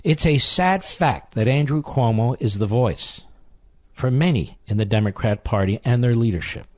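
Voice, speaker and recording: A man's voice: medium pitch, lively intonation, moderate pace, a little mellow, no echo. A man hosting a talk radio show, delivering an indignant political monologue with heavy repetition.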